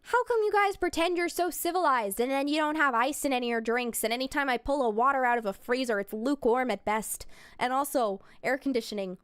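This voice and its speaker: A woman's voice: sits high, fairly quick, no echo. A woman streamer in casual chat, playful and goofy, joking with silly word swaps.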